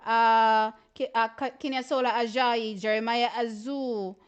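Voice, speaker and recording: A woman chats through a casual livestream, reacting to sprint races in an animated, exclamatory way. Her voice sits high. She keeps turning to her viewers as she talks. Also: measured pace, clear, resonant tone, muffled recording. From Jamaica. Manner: animated, exclamatory, often says "child". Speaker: livestream host. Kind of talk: casual live-stream sports commentary.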